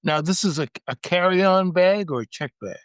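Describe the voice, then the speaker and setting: A man's voice: high voice, moderate pace, clean tone, no echo, clean studio sound. A man co-hosting a casual chat, asking follow-up questions with small stammers. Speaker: co-host.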